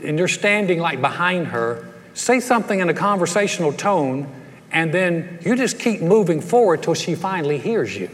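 A calm family doctor patiently giving advice, as a pastor plays him in a sermon joke. The voice sits a little high, with a long church-hall reverb around it. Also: male voice, moderate pace.

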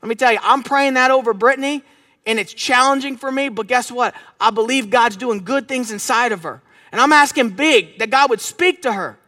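A man's voice: high-pitched, a bit bright, no echo, studio quality. A middle-aged man preaching a conversational, emphatic sermon, often asking his listeners questions. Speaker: pastor.

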